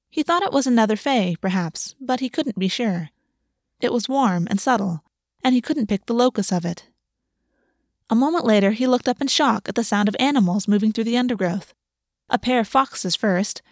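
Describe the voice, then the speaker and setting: A woman narrating a fantasy novel in an even, measured reading. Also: mid-range voice, dry recording, clean studio sound. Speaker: audiobook narrator.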